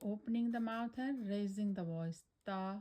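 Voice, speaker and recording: A woman Quran teacher, slowly drilling letter sounds one syllable at a time, with drawn-out repetitions. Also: mid-range voice, warm tone.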